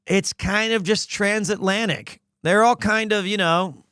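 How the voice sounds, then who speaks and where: A man's voice: high-pitched, steady tone, slow pace, pauses often, bright, forceful tone, smooth, no room sound, clean studio sound. A man streaming a game playthrough, reading the lines aloud with a joking, self-mocking manner. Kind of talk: casual voiced game playthrough.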